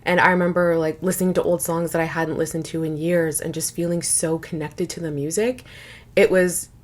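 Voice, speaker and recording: A woman's voice: deep voice, little pitch movement, fairly quick. A young woman talking earnestly in a casual personal vlog, rambling a little and filling her sentences with "like". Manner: earnest, rambling, frequent "like" fillers. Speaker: spiritual vlogger.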